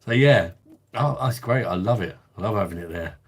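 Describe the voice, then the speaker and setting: Host: blunt man, casual live chat, lowish voice, laughs freely. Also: normal speed, slightly rough. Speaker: livestream host.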